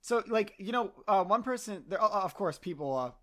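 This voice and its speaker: A man's voice: high-pitched, lively intonation, normal speed, a bit bright. A man narrating as game master of a tabletop game, hesitant and full of fillers. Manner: hesitant, filler-heavy, laughs often.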